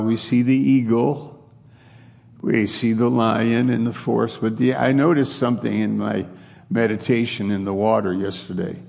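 A man's voice: on the low side, creaky, darkish tone, in a large hall. A man preaching a sermon in a fervent, repetitive cadence.

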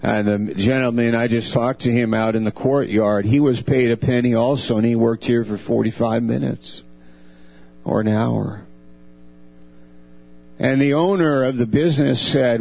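A man delivers a slow, unhurried sermon in a gravelly voice. He preaches earnestly and acts out divine speech with a lifted tone. The recording is dull and lo-fi, with a mains hum underneath. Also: fairly even intonation. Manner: earnest, dramatizes God's words with raised pitch.

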